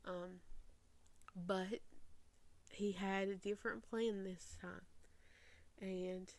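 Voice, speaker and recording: A woman in her twenties speaking slowly and earnestly to camera, her voice close to breaking as she holds back tears. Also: medium pitch, fairly even intonation, a little mellow, dry recording. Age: 20s. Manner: slow, earnest, voice near breaking. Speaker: faith podcast host. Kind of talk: personal reflective talk to camera. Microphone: facing camera.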